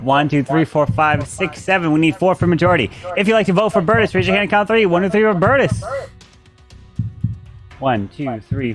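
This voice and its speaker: A man moderating a live party game, calling out rounds and votes in a slow, deliberate way. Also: on the high side. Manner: calm announcer pacing, slow deliberate calls.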